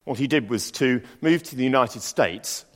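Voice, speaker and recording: A man preaching a sermon. He reads scripture slowly, then tells personal stories with dry asides. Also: mid-range voice, in a large hall.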